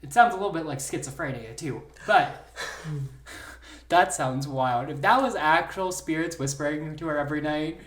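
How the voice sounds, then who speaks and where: A woman co-hosting a podcast in casual chat, blunt and quick with swearing asides. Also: low-pitched, echoey room. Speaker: podcast co-host.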